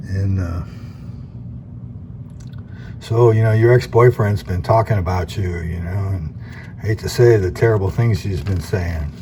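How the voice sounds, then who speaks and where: Low-voiced laid-back man retelling a comic. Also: a little slow, pauses often. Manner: laid-back, rambling, lots of fillers. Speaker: comics video host. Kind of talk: casual retelling of a comic story. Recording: steady background noise.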